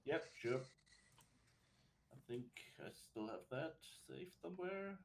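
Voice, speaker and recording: A man's voice: a little high, expressive, slow pace, vocal fry, a little hiss or hum. A man playing in a tabletop game, chatty and laughing easily. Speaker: player. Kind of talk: casual tabletop play.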